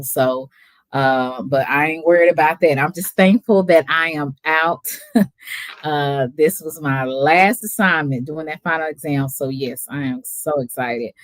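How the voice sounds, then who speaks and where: A woman's voice: sits low, no echo. A woman hosting a casual livestream chat, talking easily, greeting viewers by name and laughing often. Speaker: livestream host.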